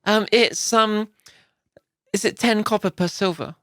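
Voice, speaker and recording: A woman's voice: mid-range voice, steady tone, unhurried, no room sound. A British woman playing a tabletop game casually, hesitant and playful, with many fillers. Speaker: player. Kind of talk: casual tabletop role-play.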